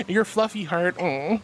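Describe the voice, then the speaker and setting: A woman's voice: mid-range voice, slight background noise. A woman streamer chatting casually on a livestream, playful and theatrical, slipping into grand mock-solemn tones. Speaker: VTuber streamer.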